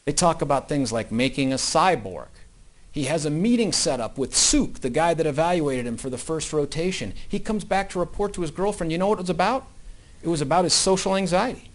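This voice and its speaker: Man delivering a courtroom opening statement. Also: fairly quick. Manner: storytelling, swinging between loud emphatic bursts and low quiet asides. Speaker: prosecutor.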